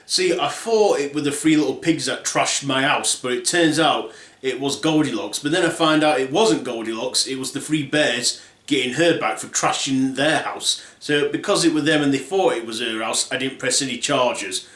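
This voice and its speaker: A man's voice: mid-range voice, normal speed, fairly bright tone, close to an everyday voice. A man voicing a crude, scheming male wolf in a comic fairy tale, talking bluntly. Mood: gruff. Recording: roomy echo.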